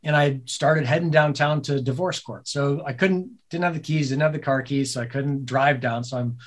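A man telling a personal story in a casual podcast conversation, animated and swearing freely, laughing as he goes. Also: on the high side, normal speed. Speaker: podcast guest, business co-owner.

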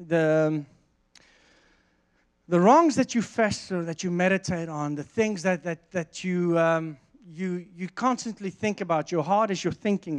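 A man preaching a sermon, reading verses and telling a lively personal story with frequent restarts. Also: high-pitched. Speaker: pastor.

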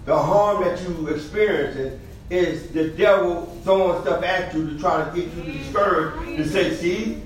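A man preaching a sermon, building to shouts and punctuating lines with 'praise the Lord'. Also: fairly high pitch, moderate pace, slight background noise. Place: church. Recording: echoey room, voice from a distance.

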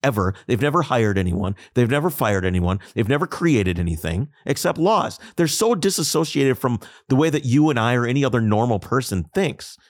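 A man's voice: medium pitch, brisk, few pauses, no room sound, studio quality. A man co-hosting a podcast, talking in an emphatic, opinionated way. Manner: animated, emphatic, ranting. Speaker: podcast co-host. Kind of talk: casual opinionated chat.

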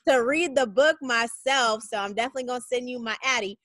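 A woman's voice: a little high, fast talker, a bit bright, no echo. A woman hosting a podcast, full of enthusiastic praise as she wraps up a casual interview over a video call. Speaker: podcast host.

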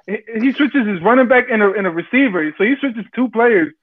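A man on a podcast panel, excitedly telling a story and acting out what people said. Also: sits high, a little fast, phone-quality sound. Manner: excitable, acts out the voices in his stories. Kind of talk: animated storytelling.

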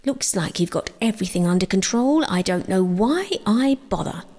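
A woman voicing a calm, proud female cockatrice who speaks in a dry, composed way. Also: mid-range voice, normal speed, big-room sound, close to an everyday voice.

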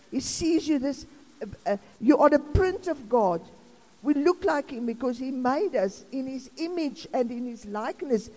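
A woman's voice: high voice, dark tone. A South African woman in her sixties preaching an informal sermon in a chatty, rambling way with laughing asides. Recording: long reverb of a hall.

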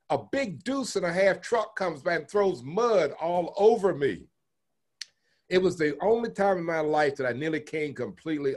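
An older man from Texas being interviewed, telling long stories from his life with chuckles and lively quoted voices. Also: fairly high pitch. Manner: animated storyteller, chuckles, acts out quoted voices. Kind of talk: oral history storytelling.

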